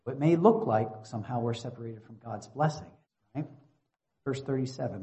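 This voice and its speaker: A man preaching a Bible-teaching sermon, explaining calmly and then building to emphatic fervor. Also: mid-range voice, normal speed, dull audio.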